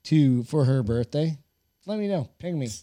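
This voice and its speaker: Swearing, lively-pitched male podcast host. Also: normal speed. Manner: swears a lot, loud and rambling. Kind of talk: casual chat.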